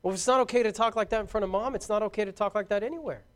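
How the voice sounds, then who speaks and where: A middle-aged man preaching a sermon to young people, fervent and shouting out his exhortations. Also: sits high, racing.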